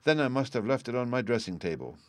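A man voicing a frightened young wife in a higher, hesitant and evasive way. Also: very animated, fast talker, dry recording, close to an everyday voice.

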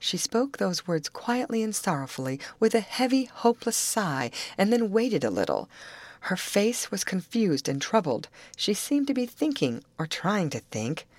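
A woman narrating a classic novel aloud in a measured, earnest storytelling manner. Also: medium pitch, very animated, no room sound. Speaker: audiobook narrator.

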